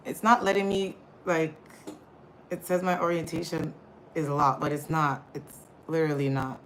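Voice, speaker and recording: Low-voiced woman host talking to viewers into her phone on a casual live stream, flustered and chatty. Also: level tone, normal speed, a little hiss or hum, low-quality recording. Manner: chatty, flustered, often addresses viewers as y'all. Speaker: livestream host. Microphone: phone camera.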